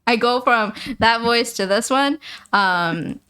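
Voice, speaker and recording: A woman hosting a livestream, talking casually with her viewers in a rapid-fire, rambling, playful and teasing way. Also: fairly high pitch, bright, forceful tone, clear, resonant tone. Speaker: livestream host.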